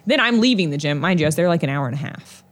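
Young woman, podcast co-host, low-pitched, chatty storyteller. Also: very fast. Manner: chatty, animated retelling with fillers. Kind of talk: casual chat, storytelling.

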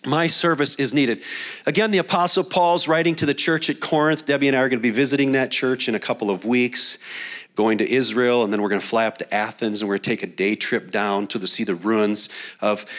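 A man's voice: medium pitch, steady tone, brisk, a bit bright. A middle-aged man preaching a sermon in a conversational, storytelling way, often restarting phrases. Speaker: pastor.

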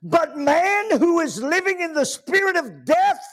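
Man, pastor, church sermon, high voice, lively intonation, loud and soft turns. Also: measured pace. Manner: dramatic preaching, swinging between loud bursts and quiet asides.

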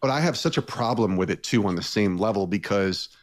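A man appearing as a radio interview guest, telling a personal story in a lively way, with his voice lifting when he is moved. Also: lowish voice, fairly quick.

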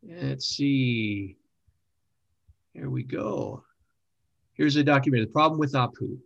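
A man's voice: medium pitch, animated, measured pace, creaky, fairly bright tone, no room sound, highs cut off. A middle-aged man hosting an online discussion, speaking with many hesitations and fillers. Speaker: host.

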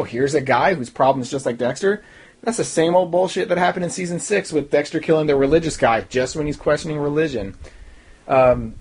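A man's voice: a little high, darkish tone, slightly rough. A young man ranting casually and snarkily in a TV episode review, with mocking asides. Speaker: TV recap podcaster.

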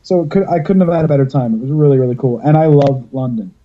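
A man's voice: mid-range voice, fast talker, highs cut off. A man hosting a podcast over a video call, telling stories in a rambling, casual way and swearing freely. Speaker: podcast host.

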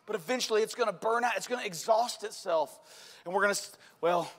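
A man preaching a sermon with passion and shouted emphasis, recorded in a church sanctuary. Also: sits high, fast. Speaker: pastor. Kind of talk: Easter sermon. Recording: long reverb of a church hall.

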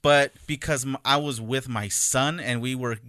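Bright, clear-voiced man telling a story. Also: mid-range voice, moderate pace, no echo, clean studio sound. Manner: animated storyteller, acts out quotes. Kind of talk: casual chat.

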